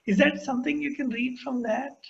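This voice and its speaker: A man's voice: very high-pitched, fairly even intonation, a little fast, gravelly, a bit bright. A man hosting an interview, reflective and earnest in conversation. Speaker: interview host. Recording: dull lo-fi sound.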